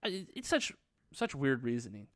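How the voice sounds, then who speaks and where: A man's voice: mid-range voice, wildly swooping pitch, normal speed, a bit bright, no echo, clean studio sound. A young man reviewing a movie in a casual vlog, sarcastic, crude and rambling as he retells the plot.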